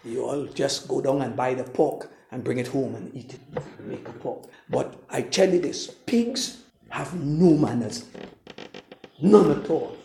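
A preacher reading scripture slowly, then preaching with big swings between loud calls and hushed asides, retelling the story in voiced quotes for the congregation. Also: mid-range voice, vocal fry, a little hiss or hum. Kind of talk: sermon. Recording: echoey room.

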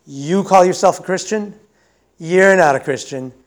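A man's voice: sits high, a little slow. A man voicing Satan as an accusing male spirit who taunts a believer with scornful, jeering questions.

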